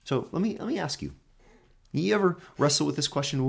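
A man preaching a sermon, emphatic and repetitive, building his phrases up and then dropping low. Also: lively intonation, brisk, gravelly.

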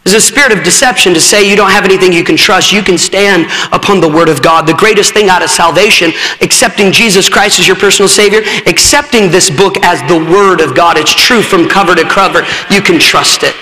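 A man's voice: high voice, brisk, few pauses, pushed and bright. A man preaching a sermon in a church, urgent and telling stories to the congregation. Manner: urgent, storytelling. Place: church sanctuary. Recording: reverberant hall.

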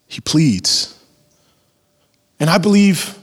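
A man preaches with a somewhat high, husky voice, and his words carry into a long hall echo. He moves between emphatic bursts and hushed whispers, talking casually and acting out the prayers of his listeners. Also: animated, moderate pace. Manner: dynamic, swinging from loud emphasis to hushed whispers; conversational, acts out the congregation's prayers. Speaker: pastor. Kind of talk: sermon.

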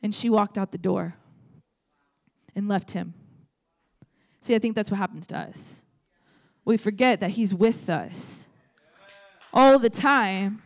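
A woman's voice: mid-range voice, slow, gravelly, long pauses. A young adult woman preaching a sermon in a conversational, storytelling way, speaking directly to her audience.

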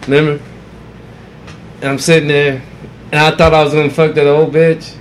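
A man co-hosting a podcast, telling a story in a halting, rambling, profane way. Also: fairly high pitch, flat delivery, slight background noise. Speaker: podcast co-host. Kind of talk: casual chat.

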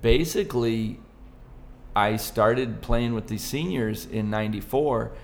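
Gravelly-voiced playful man telling stories. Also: mid-range voice, slow. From Southern California. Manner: playful, jokey storyteller who slips into silly old-man voices. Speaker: podcast guest, ukulele performer. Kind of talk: casual chat.

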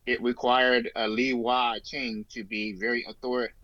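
A man's voice: medium pitch, level tone, a little slow, pushed and bright, no echo. A man co-hosting a podcast, talking through politics in a rambling, casual way with many fillers and restarts. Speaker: podcast co-host. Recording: dull lo-fi sound, dry.

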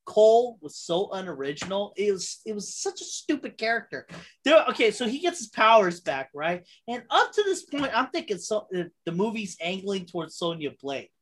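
Casual chat: lively, husky woman, swears freely, laughs a lot. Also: mid-range voice, normal speed. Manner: animated, profane, laughs often.

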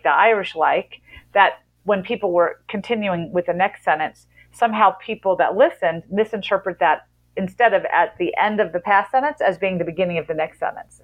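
A woman professor of linguistics, a podcast guest, explaining language in a relaxed conversation and laughing easily. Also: fairly low pitch, poor audio.

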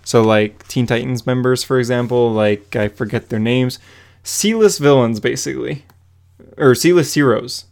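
A man's voice: medium pitch, unhurried, vocal fry, a little mellow. A young man rambling through a comic recap. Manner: rambling, many fillers, laughs while retelling. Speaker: podcast co-host. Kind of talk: casual comic book recap.

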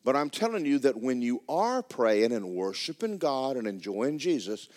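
A man preaching a sermon, swinging from loud, excited storytelling to low, hushed tones. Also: moderate pace. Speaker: pastor. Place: church sanctuary.

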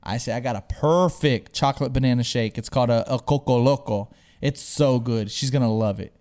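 Animated storyteller man saying "dude". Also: medium pitch, fairly quick. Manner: animated storyteller, says "dude" a lot, acts out quotes. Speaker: podcast host. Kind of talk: casual chat.

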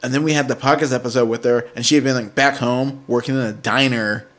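A man hosting a podcast in casual chat, relaxed, swearing and laughing along. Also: medium pitch, quick pace. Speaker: podcast host.

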